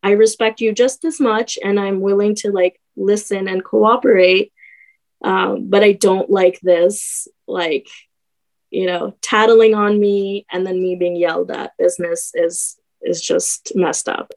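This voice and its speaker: A woman's voice: mid-range voice, steady tone, measured pace, darkish tone, low-quality recording. A young woman telling her own story as a podcast guest, hesitant, with many fillers and restarts. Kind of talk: personal story in a podcast conversation.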